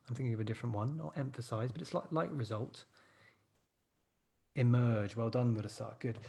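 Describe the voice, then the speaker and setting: Gravelly-voiced man teaching a writing class. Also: medium pitch, a little mellow. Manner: encouraging, thinks aloud while typing. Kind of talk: live online class.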